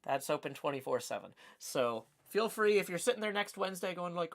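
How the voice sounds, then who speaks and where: A man's voice: high voice, lively intonation, a little fast, creaky, hardly any pauses. A man with a Southern US accent chatting casually on his livestream as host, rambling with lots of fillers. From Tennessee. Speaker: streamer host.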